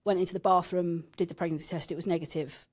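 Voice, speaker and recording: A woman's voice: on the low side, fairly even intonation, quick pace, a little mellow. A woman in her thirties from England, a podcast guest frankly telling a painful personal story and swearing now and then.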